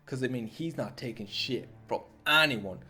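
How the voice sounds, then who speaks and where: A man's voice: mid-range voice, normal speed, pushed and bright, breathy edge, soft background music. A man hosting a comedic film commentary series, chatting casually in a rambling, slangy way that often repeats itself.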